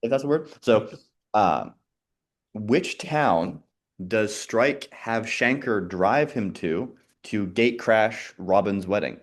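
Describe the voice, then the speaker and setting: A man on a video call in a casual quiz chat, thinking aloud, muttering softly while he recalls answers and laughing often. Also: on the low side, animated, takes it slowly. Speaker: quiz co-host.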